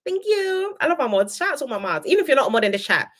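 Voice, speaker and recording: Chatty young woman reviewer. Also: rapid-fire. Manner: chatty and opinionated, reads viewer comments aloud; animated, jumps between high excited greetings and low asides. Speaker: live-stream reality TV reviewer. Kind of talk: casual live-stream chat.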